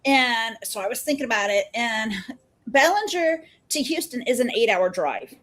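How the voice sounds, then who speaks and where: A woman in her fifties talks as a podcast guest. Her voice sits a little high, and she tells stories with an easy, chatty energy. She slips into the voices of the people she quotes. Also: moderate pace. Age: 50s. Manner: chatty and animated, acts out quoted dialogue. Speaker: podcast guest, mental health therapist. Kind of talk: casual storytelling in a podcast interview.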